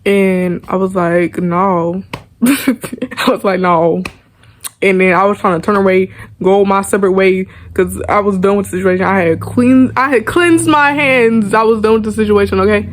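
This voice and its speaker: A young woman, chatting casually as she tells a storytime vlog, animated and laughing often. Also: mid-range voice, normal speed, a little hiss or hum. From Arkansas, US. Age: young adult. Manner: animated, laughs often, acts out quoted lines. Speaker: vlogger.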